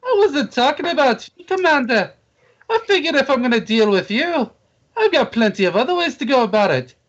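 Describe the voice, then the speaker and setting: A woman's voice: high voice, sing-song, a little fast, dull audio. A woman voicing a blunt male dwarf adventurer who bargains in a bold, folksy way. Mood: haggling.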